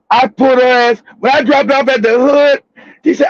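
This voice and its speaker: A man hosting a live talk show. He tells a casual, profane, animated story, laughing often and bursting into shouts. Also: very high-pitched, moderate pace, no echo. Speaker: show host. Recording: dull, dry lo-fi audio.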